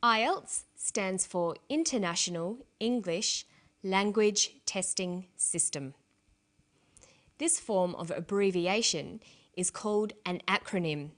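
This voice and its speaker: A woman presents an English lesson at an unhurried pace. She speaks deliberately and spells out each letter with care, in a calm teaching manner. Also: medium pitch. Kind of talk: scripted language lesson narration.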